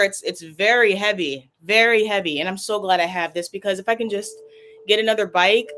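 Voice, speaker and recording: A woman is vlogging to her live chat in a mid-pitched voice, tearful and worked up. She rambles and repeats herself, with a faint background hiss. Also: a bit bright. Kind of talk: casual livestream talk.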